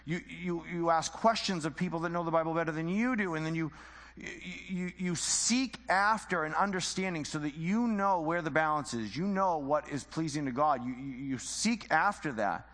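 A man's voice: a little high, moderate pace, a bit bright, big-room sound. A man teaching the Bible informally, conversational and full of rhetorical questions and repeated phrases.

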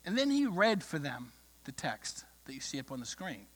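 A male pastor preaching a sermon, telling a story with passion and swinging from loud declarations to hushed words. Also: a little high, sing-song, normal speed, long reverb tail.

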